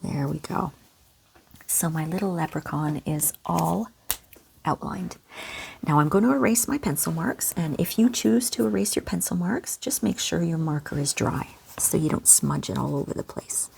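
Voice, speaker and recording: A gentle, encouraging woman from Canada, talking kids through a step-by-step drawing lesson in a soft voice. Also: low-pitched, expressive, moderate pace, gravelly, a little hiss or hum. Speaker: children's art teacher.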